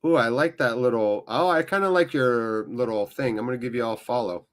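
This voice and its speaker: Emotionally drained, an American man rambles casually to viewers as he hosts a live watchalong of a football game. He talks fairly quickly with a mid-range pitch.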